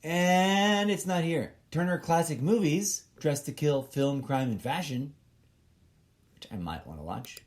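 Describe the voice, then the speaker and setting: A man's voice: fairly high pitch, animated, unhurried. A middle-aged man hosting a solo podcast, rambling along and wandering off on tangents as he talks to himself. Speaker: podcast host.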